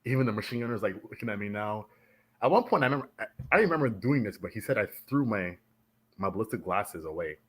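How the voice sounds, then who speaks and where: Man, deep voice, from Canada, military veteran, animated storyteller, podcast guest. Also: quick pace, husky. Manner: animated, acts out the voices of others in his stories. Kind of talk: casual storytelling in a podcast interview.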